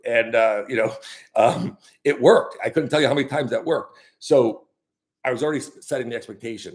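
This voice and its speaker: A man's voice: medium pitch, a little fast. A young man who works as a fishing guide, telling a rambling casual story full of fillers and restarts. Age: young adult.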